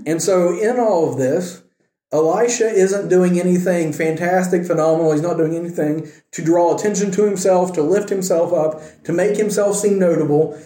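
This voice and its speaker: High-voiced man telling a story animatedly. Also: moderate pace. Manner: animated storytelling with joking asides. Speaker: Bible study teacher. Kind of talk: casual Bible teaching. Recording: echoey room.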